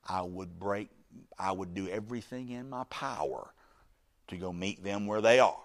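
Lively, low-voiced man preaching a sermon. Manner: animated, swings from loud bursts to soft, low asides; acts out quoted speech in the story.

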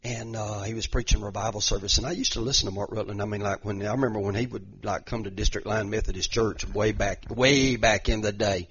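A man's voice: fairly low pitch, steady tone, fairly quick, hardly any pauses, fairly bright tone. A middle-aged male pastor preaching a sermon, conversational with restarts and repeated words, building to impassioned, emphatic repetition. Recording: dull lo-fi recording.

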